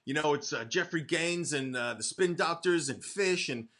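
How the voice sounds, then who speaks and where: A middle-aged male comedian from the Boston area, telling animated stories in casual chat and acting out quotes. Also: a little high, moderate pace. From Boston area, USA. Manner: animated anecdotes, acts out quotes, laughs often. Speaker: comedian guest.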